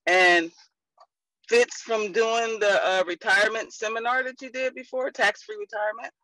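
An excited insurance agent, a woman, gushing through a casual update on a video call. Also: on the high side, moderate pace, no room sound, rough recording.

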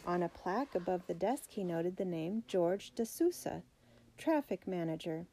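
A woman reading a children's biography aloud in a steady, clear storybook narration. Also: fairly low pitch, unhurried, rough recording. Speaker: audiobook reader.

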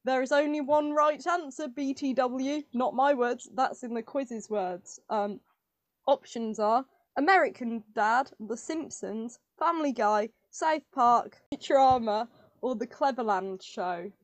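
A woman's voice: a little high, a little slow, no echo. A woman co-hosting a podcast, reading quiz questions in a bubbly, giggly, chatty way. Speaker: co-host.

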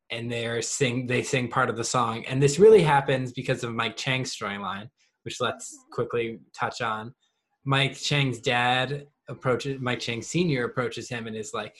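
A podcast co-host casually recapping a plot, with fillers and quick acted quotes. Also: mid-range voice, a bit bright.

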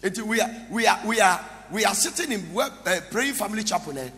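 A man's voice: sits high, animated, quick pace, creaky, sharp tone. A man, a pastor preaching a sermon that slips into song and local words. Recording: echoey hall with faint ambience.

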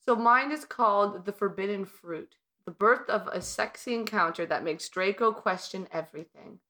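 A woman's voice: mid-range voice, normal speed, sharp tone. A woman chatting casually with friends, trading dry, sarcastic quips. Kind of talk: casual chat.

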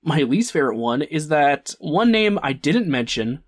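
A man's voice: a little high, sing-song, moderate pace. A young man co-hosting a casual sports podcast, joking and laughing at his own lines. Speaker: podcast co-host.

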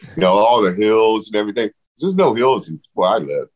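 A man telling stories in a casual interview, animated, swearing freely and acting out what others said. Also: lowish voice, brisk, rough recording. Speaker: guest.

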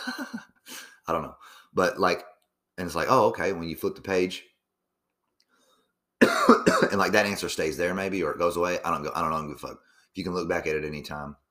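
Deep-voiced young man rambling, profane. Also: huge pitch swings, moderate pace, long pauses, bright, forceful tone. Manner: profane, meandering, lots of fillers and restarts. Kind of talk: casual rambling monologue.

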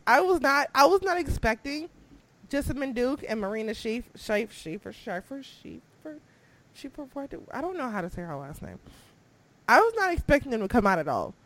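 Animated woman gushing about wrestling. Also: on the high side. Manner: animated, exclaims and acts out her reactions. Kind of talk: casual wrestling chat.

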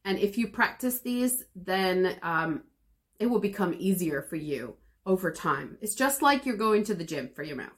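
A woman teaching pronunciation in a podcast lesson, calm and encouraging in a conversational way. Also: lowish voice, normal speed. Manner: calm, encouraging, explains at an even conversational pace. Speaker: English teacher.

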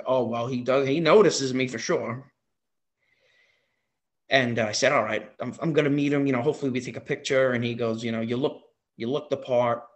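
A man, a wrestling impersonator on as a guest, telling a story in an excited casual way with many fillers and repeats. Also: medium pitch.

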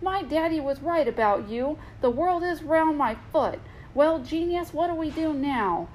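A woman's voice: high-pitched, animated, a little slow, darkish tone, a little hiss or hum, voice pushed up, rough recording. A woman voicing a scornful, haughty young princess in a read-aloud storybook.

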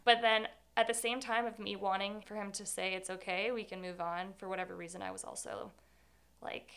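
A young woman with a gravelly, creaky edge to her voice tells her own story in an interview. She talks candidly and rambles, leaning on fillers as she goes. Her pitch sits in the middle for a woman. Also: little pitch movement, fairly quick, a bit bright.

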